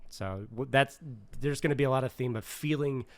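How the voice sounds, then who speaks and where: Young guy on a chatty podcast, smooth clear voice, dry close sound. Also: mid-range voice, fairly quick, dry recording. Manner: laughs often, explains as he reads. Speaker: podcast co-host. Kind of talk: casual chat and reading aloud.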